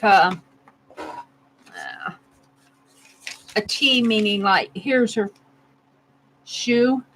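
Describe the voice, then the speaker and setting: A woman's voice: medium pitch, a bit bright, slight background noise, poor audio. A woman narrating casually as she carves a stamp, thinking aloud and laughing at herself. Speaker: art vlogger. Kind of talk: casual narration while crafting.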